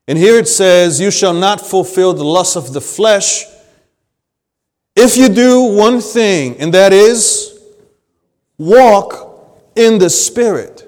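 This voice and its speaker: A male pastor preaching a sermon, swinging between loud emphasis and hushed, low phrases. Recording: long hall reverb.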